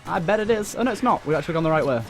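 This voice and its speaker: A young man giving excitable running commentary while playing a video game, talking back to enemies on screen. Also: fairly high pitch, rapid-fire. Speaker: let's play host. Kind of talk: gameplay commentary. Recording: faint game music behind.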